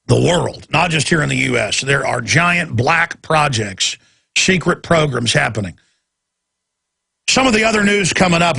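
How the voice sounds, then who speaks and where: A man's voice: fairly high pitch, sharp tone. A male radio talk show host delivering a heated, sarcastic political rant. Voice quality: gravelly, raspy.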